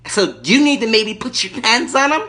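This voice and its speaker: A man voicing an angry, entitled middle-aged woman on a prank phone call, loud and crude, talking over the other person. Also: very high-pitched, expressive, normal speed, a little hiss or hum, pitched above the performer's own voice, full character voice. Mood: mock apologetic.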